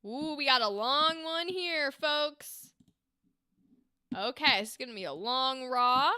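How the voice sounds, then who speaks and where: A woman's voice: high voice, lively intonation, takes it slowly, sharp tone, clean tone, dry recording, studio quality. A woman hosting a livestream, reviewing voice acting auditions with enthusiastic, gushing praise. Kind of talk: casual livestream commentary.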